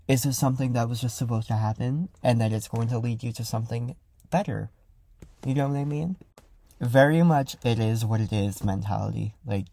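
A young man hosting a casual solo podcast, talking loudly and rambling with lots of fillers as he reflects. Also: medium pitch, no room sound. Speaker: podcast host. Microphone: close studio mic.

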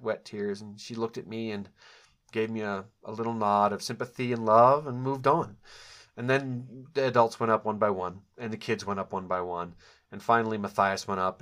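A man's voice: fairly low pitch, a bit bright. A middle-aged man telling a personal story from his past, reflective and candid, with frequent fillers and self-corrections. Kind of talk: personal storytelling, memoir recollection.

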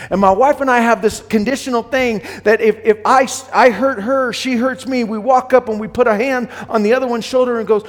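A middle-aged man preaching a sermon to men, earnest and plain-spoken, often repeating words as he goes, sometimes loud and sometimes hushed. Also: very high voice, steady tone, brisk, hardly any pauses, big-room sound. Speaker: pastor.

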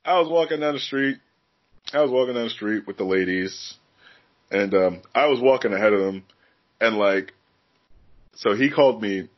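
Lively, outspoken man chatting on a podcast. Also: lowish voice, normal speed, pauses often, lo-fi sound. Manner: candid, profane, animated storytelling. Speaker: podcast co-host. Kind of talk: casual chat.

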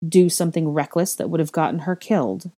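A woman's voice: a little fast, warm tone. A woman reading as a stern, clipped male headmaster. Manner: clipped, terse, low intoning.

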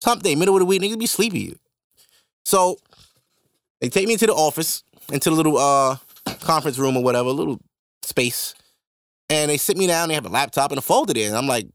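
A young man hosting a podcast, telling a personal story in a casual, animated and profane way. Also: a little high, fast, no room sound, studio quality. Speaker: podcast host.

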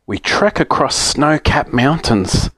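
A man voicing a gentle toy blue elephant in a storybook reading, with a steady, slightly raised reading voice. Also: mid-range voice, slow, husky, no echo, voice pushed up, heavily acted. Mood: adventurous.

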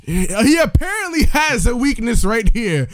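A man's voice: extremely high pitch, very animated, moderate pace, no room sound, studio quality. A man co-hosting a podcast, ranting in casual chat, profane and incredulous. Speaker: podcast co-host.

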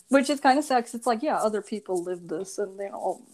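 A young woman hosts a casual podcast with a lively voice that swings up and down in pitch. She is animated, laughs often and fills her sentences with "like". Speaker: podcast host. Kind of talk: casual chat.

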